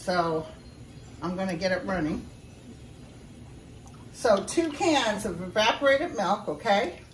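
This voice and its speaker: A woman's voice: medium pitch, big pitch swings, takes it slowly, far from the mic, slight background noise. Woman, folksy home cook, chatty, roomy kitchen sound, voice a bit off-mic. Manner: chatty and folksy, talks straight to viewers. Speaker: home cook showing a recipe. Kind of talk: casual cooking vlog.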